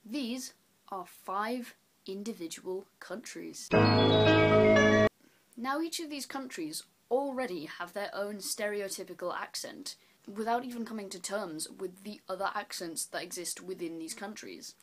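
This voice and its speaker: A woman from England with an English accent, giving a blunt, sweary, mock-serious explainer to the camera, swinging from high exclaims to low muttered asides. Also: normal speed, faint music behind. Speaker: vlogger. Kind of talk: sarcastic explainer rant.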